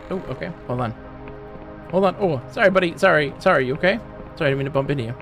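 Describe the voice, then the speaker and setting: A man's voice: on the high side, racing, fairly bright tone. Guy streaming a game, rambly and jokey, chats at the npcs, faint game music under him. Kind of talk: casual live gameplay chat.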